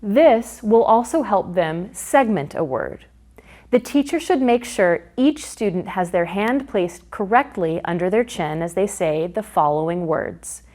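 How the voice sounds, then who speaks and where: A woman narrating a phonics lesson for teachers in a slow, clear way, sounding out words syllable by syllable. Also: medium pitch, lively intonation, a little mellow. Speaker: teacher trainer. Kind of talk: instructional narration.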